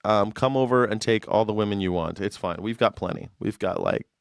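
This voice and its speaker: A man's voice: on the low side, a little fast, creaky, clear, resonant tone, dry recording, clean studio sound. An American man hosting a news reaction show, rambling and joking in a casual rant. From United States. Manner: rambling, joking, laughs often. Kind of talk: casual ranting commentary.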